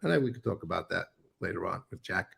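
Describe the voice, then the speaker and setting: An older man with a gravelly edge to his voice. He tells stories in a loose, rambling way, blunt and unfiltered, with swearing sprinkled through. It sounds like a casual sit-down interview. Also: deep voice, animated, quick pace, a bit bright. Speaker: interview guest.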